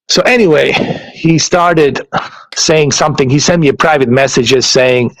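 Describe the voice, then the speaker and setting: A man's voice: a little high, normal speed, dry recording, poor audio. Ranting man with profane, repetitive talk. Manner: animated, profane, repeats himself. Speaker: YouTuber. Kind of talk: casual ranting monologue.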